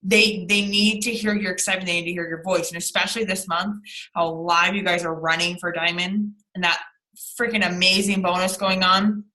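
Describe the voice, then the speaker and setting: A woman's voice: fairly low pitch, steady tone, fairly quick, sharp tone, low-quality recording. Upbeat woman leading a team call. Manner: upbeat, repeats phrases for emphasis. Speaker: team leader. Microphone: video call.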